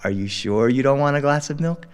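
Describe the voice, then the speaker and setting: A man voicing a calm, soothing mother who speaks gently and coaxingly. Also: mid-range voice, brisk, clean tone, lightly acted.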